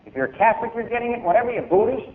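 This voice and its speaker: A man's voice: sits high, expressive, rapid-fire. A man giving an emphatic, declaiming public speech and then taking questions from an audience. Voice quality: emphatic, oratorical, declaiming with big swings in loudness. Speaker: speaker at a university event. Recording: tinny, lo-fi archival tape.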